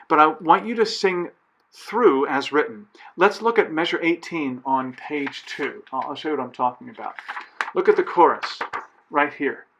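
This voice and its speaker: A man's voice: on the high side, a bit bright, low-quality recording. A man directing a choir, explaining phrasing and dynamics step by step, counting beats aloud and singing short examples. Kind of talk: recorded choir instruction.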